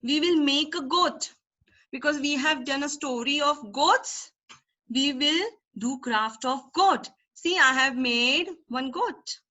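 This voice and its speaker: A woman preschool teacher with an Indian English accent, telling a story to young children in an animated way and asking them questions, on a dull lo-fi recording. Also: sits high, slow.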